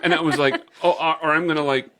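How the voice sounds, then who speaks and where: A man's voice: fairly high pitch, wildly swooping pitch, fast, creaky, fairly bright tone. A man hosting a podcast, chatting casually in a rambling way. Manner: rambling, laughs at himself. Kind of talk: casual chat.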